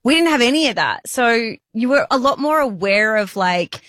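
Relaxed thoughtful woman in conversation. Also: fairly high pitch, moderate pace, no room sound, clean studio sound. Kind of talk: casual chat.

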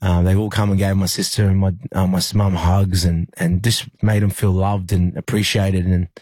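A young Australian man, a rugby league player, telling a personal story in an interview, halting with many fillers and restarts. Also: sits low, flat delivery, darkish tone, dry recording.

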